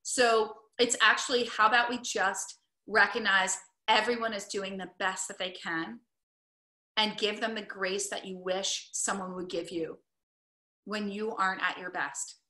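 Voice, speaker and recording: A woman talks in a bright, clear voice, coaching her listeners in a chatty, upbeat way. She keeps dropping "like" and "right?" between her points. Her voice rings in an echoey room. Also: mid-range voice, steady tone, measured pace. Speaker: wellness coach. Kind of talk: casual teaching talk to camera.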